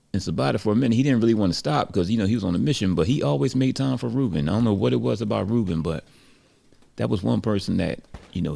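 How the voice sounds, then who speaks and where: Deep gravelly man telling a story. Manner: relaxed, reflective, many "you know" fillers. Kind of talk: casual story narration.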